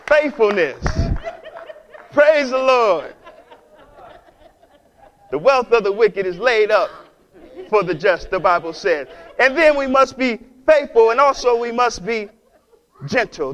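A man's voice: high-pitched, a bit bright, poor audio. A man preaching a sermon with call-and-response questions and playful asides to the congregation. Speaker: pastor.

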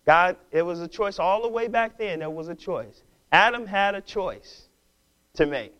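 A man pastor preaching a sermon, exhorting his congregation, repeating and restarting words and building to loud, passionate stretches. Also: sits high, lively intonation, a little slow.

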